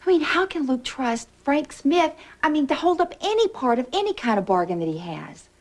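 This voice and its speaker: A warm, worried Southern woman, high-pitched, old TV tape. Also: very animated, moderate pace. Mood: insistent. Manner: warm, insistent. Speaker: best friend in a soap opera. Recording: old TV tape with faint hiss.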